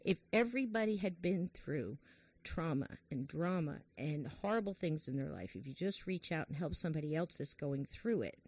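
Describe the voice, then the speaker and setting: A woman hosting a podcast, chatting in a warm, emotional, chatty way and retelling a joke. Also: deep voice, animated, moderate pace, dry recording. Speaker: podcast host. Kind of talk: casual chat, retelling a joke.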